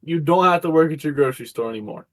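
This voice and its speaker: A man with a fairly high voice, co-hosting a podcast. He asks his partner questions in a relaxed, easygoing way. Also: fast. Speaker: podcast co-host. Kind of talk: casual chat.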